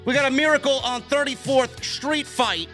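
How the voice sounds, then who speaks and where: A man's voice: very high-pitched, moderate pace, pushed and bright, soft background music. A man from New York hosting a live post-show stream, griping and swearing his way through a casual rant. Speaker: livestream host.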